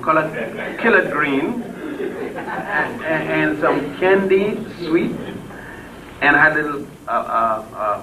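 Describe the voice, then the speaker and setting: An older man giving an impassioned speech to a crowd, blunt and salty. He swings between loud peaks and low murmurs and chuckles as he tells stories. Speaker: public speaker. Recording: distant mic with faint background noise.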